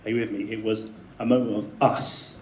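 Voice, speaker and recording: A man telling a personal story to a live audience in a debate speech, animated, with laughing asides and emphatic peaks. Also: on the low side, moderate pace, slight background noise. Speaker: debate speaker. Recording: echoey room with faint ambience.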